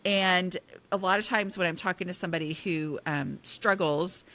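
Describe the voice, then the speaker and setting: Woman guest chatting about tidying, bright clear voice, lively and self-mocking. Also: lowish voice, moderate pace. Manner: animated, self-deprecating, emphatic. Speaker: guest author on decluttering. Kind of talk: casual interview chat.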